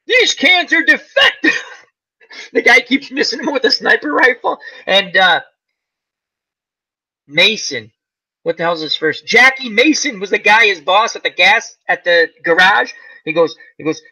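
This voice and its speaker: A man hosts a casual chat about old comedies, acting out scenes with a laugh. His voice sits high and swings widely in pitch. It has a very bright, slightly husky edge. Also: moderate pace, low-quality recording. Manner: animated, acts out movie lines with laughing. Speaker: channel host.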